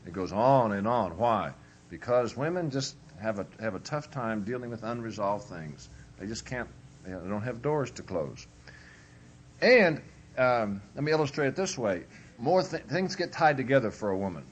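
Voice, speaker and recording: A man's voice: medium pitch, animated, normal speed. A man giving a humorous, conversational marriage workshop as a preacher, acting out husband and wife as he talks. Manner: humorous, conversational, acts out both spouses. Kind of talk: folksy workshop lecture.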